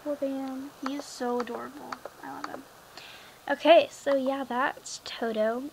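Chatty high-voiced teen girl. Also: steady tone, unhurried, vocal fry, background noise. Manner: rambling, chatty, lots of fillers and "like". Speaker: gaming vlogger. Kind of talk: casual screen-recorded game chat.

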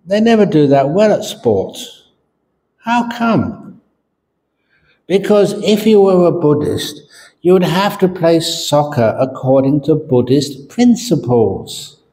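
A man's voice: fairly high pitch, lively intonation, unhurried, mellow. A man, a Buddhist monk, giving a morning dharma talk at a meditation centre and telling jokes with frequent laughter. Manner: humorous storyteller who laughs at his own jokes.

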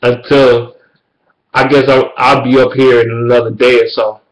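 A man vlogging a heated, profane sports rant, repeating himself and jumping up in pitch when he gets worked up. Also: normal speed, low-quality recording. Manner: heated, profane, repetitive ranting; loud and animated.

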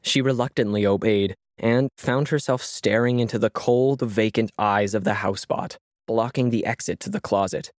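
A man narrates scripted fiction in a measured, steady way. His voice is on the lower side and sounds dry and close, with no room echo.

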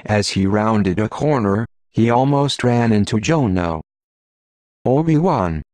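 A man reading an audiobook in a steady, measured narration. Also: fairly low pitch, no room sound.

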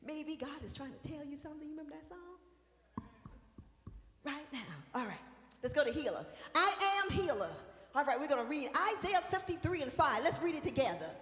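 A woman minister preaching a sermon, shouting and singing out praise at times and dropping to a soft, talking tone at others. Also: high voice, lively intonation, brisk, echoey room, in a large hall. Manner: shouts and sings out praise, then drops to a soft conversational tone.

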